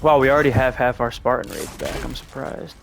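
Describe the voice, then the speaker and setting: A man's voice: mid-range voice, expressive, a little fast, creaky, over music. A young man casually commenting while playing a game, telling rambling, profane stories in a laid-back way. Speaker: gameplay commentator. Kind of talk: casual gameplay commentary with storytelling. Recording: noisy background.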